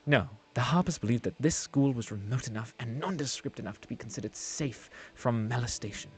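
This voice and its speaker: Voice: medium pitch, a little fast, lightly acted. A streamer putting on a grave Welsh-accented woman. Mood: solemn. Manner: solemn, slightly stumbling reading of lines. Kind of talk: live-streamed game voice acting.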